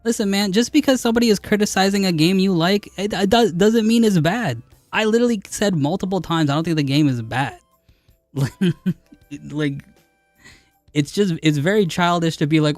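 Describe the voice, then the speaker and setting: A man's voice: sits high, moderate pace, no echo, faint music behind. Argumentative streamer man, laughing at chat. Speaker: game streamer. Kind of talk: live stream chat reply.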